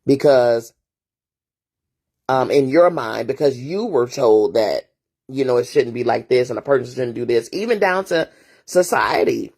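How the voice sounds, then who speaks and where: A woman therapist delivers a casual morning monologue at an unhurried pace. She drives each point home by repeating phrases in long drumming lists. Her tone is preachy, with rhetorical asides to the listener. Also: rumbling low, lively intonation, darkish tone. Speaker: therapist and motivational host.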